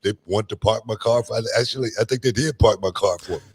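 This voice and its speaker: A man's voice: lowish voice, fast, slightly rough. A middle-aged man, a podcast host telling stories in a laid-back, drawling way full of slang. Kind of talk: casual chat.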